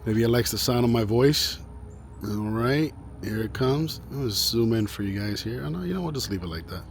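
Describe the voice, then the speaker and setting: A man's voice: mid-range voice, a little hiss or hum. Chatty man touring an animal park. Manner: chatty, exclaims at animals, drops to hushed voice. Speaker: vlog host. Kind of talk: casual travel vlog walkthrough.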